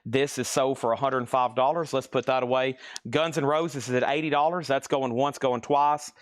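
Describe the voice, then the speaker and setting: A man at mid pitch hosts a live vinyl sale, calling bids and prices in quick succession. He sounds a little out of breath, and his voice is close and dry with no room sound around it. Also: fairly even intonation, no echo. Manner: brisk, rattles off titles and prices. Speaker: host selling vinyl records live.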